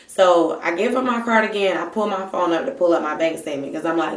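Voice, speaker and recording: A woman's voice: lowish voice, fast talker, few pauses. Give me a woman in an echoey room, ranting through a storytime, mic set back from her. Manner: animated, exasperated, swearing. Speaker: vlogger. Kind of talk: casual storytime. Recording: roomy, mic at a distance.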